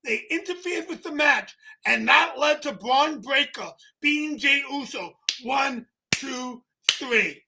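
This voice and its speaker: A man in his twenties co-hosting a comedy chat show, teasing the others and bursting into loud exclaiming. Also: very high-pitched, animated, takes it slowly, vocal fry, few pauses. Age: 20s. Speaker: co-host.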